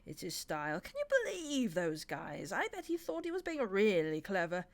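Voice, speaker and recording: Snappish, sly male demon in a storybook reading, a woman doing the voice, a touch louder than her narration. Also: mid-range voice, sing-song, normal speed. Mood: sardonic. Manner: snappish, sardonic. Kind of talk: audiobook reading.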